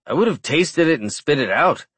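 Guy reading young witch boy, earnest and rambly, bit higher. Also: lively intonation, moderate pace, a bit bright, husky, dry recording. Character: earnest young male witch, just twenty-one.

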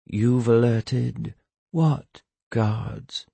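A cold, amused villain, read by a man, speaking slowly with quiet menace and a husky tone. The pitch swings widely for emphasis while the recording stays dry and close. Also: no room sound, exaggerated voice. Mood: calm menacing. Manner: calm, menacing, sardonic. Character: cold, amused male villain seizing command.

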